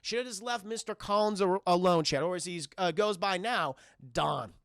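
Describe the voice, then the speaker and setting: A man's voice: high-pitched, normal speed, smooth, no echo, studio quality. A man recapping a cartoon episode on a livestream, swearing freely and talking to his chat as he goes. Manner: profane, animated retelling, addresses chat.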